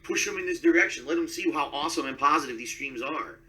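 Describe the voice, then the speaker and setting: A man's voice: on the high side, fast, bright, forceful tone, recorded from a distance, poor audio. A man streaming live and talking to his chat, defensive and self-promoting.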